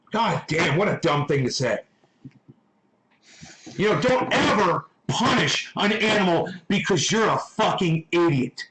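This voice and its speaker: A man hosting a livestream, ranting at his chat with constant swearing. His voice sits high and swings widely in pitch. The sound is echoey, as if from a bare room. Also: lively intonation, a little slow, background noise. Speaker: livestream host reading chat. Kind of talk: casual livestream rant.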